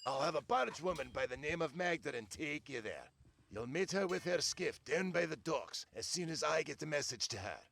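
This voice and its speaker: Gravelly stern dwarf father. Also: a little high, lively intonation, moderate pace, fairly bright tone, full character voice. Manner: gruff, commanding. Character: gruff male dwarf father, stern and protective.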